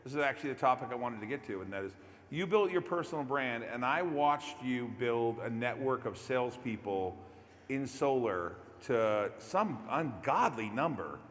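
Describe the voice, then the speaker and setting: Male interviewer in an echoey room. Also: medium pitch. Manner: sets up questions with long lead-ins. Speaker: host interviewer. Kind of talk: casual interview. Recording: echoey room with faint background noise.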